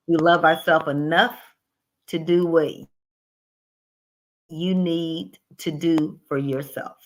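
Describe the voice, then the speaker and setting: A woman's voice: lowish voice, fairly bright tone. A woman presenting on caregiving during a livestream over a call, earnest and repeating herself as she goes. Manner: slow, earnest, repeats words. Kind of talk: encouraging talk on a livestream.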